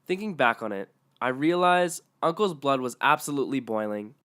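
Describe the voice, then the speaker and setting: A man's voice: mid-range voice, lively intonation, normal speed, fairly bright tone. A man narrating online stories aloud in a matter-of-fact way.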